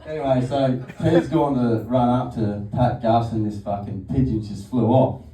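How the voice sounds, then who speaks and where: A man's voice: medium pitch, steady tone, moderate pace, far from the mic. A man doing a stand-up set, telling crude, rambling stories and often breaking into laughter. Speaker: stand-up comedian. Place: comedy venue stage. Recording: echoey, noisy room miked from afar.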